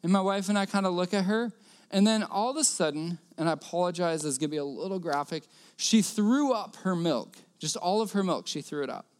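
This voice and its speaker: High, smooth-voiced male preacher. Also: fairly quick. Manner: earnest storytelling, repeats key phrases. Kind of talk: sermon with personal story.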